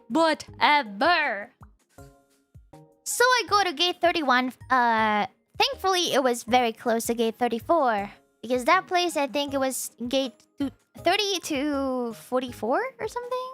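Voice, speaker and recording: A young woman streamer telling a story casually, animated and exclaiming as she acts out her own reactions. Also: high-pitched, normal speed, faint music behind.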